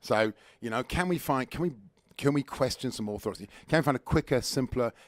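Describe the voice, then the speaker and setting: A middle-aged man, a food critic on a radio studio interview, talking fast and with lots of enthusiasm. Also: medium pitch, dry recording. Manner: fast, enthusiastic, animated storytelling. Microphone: studio microphone.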